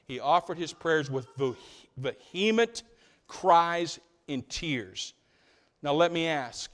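A man preaching a sermon to his church, swinging between loud emphatic lines and hushed low passages, often asking the congregation rhetorical questions. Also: takes it slowly. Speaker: pastor.

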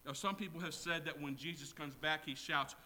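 A man preaching a sermon in a church, swinging from quiet asides to loud shouted quotes. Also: fairly high pitch, a little fast. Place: church with congregation.

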